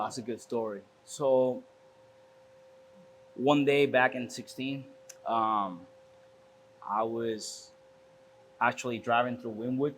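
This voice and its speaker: Interview guest, man, casual storyteller, repeats himself, faint background hiss. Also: medium pitch. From Miami. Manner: repeats words, restarts often, says "bro". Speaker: podcast guest, shop owner.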